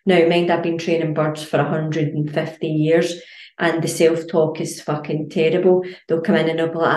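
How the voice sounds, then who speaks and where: A Scottish woman with a fairly low voice talks in a casual podcast monologue. She is blunt, swears freely and tells her stories with lots of energy. The room gives her voice a roomy echo. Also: normal speed. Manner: blunt, sweary, animated storytelling. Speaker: health and fitness coach.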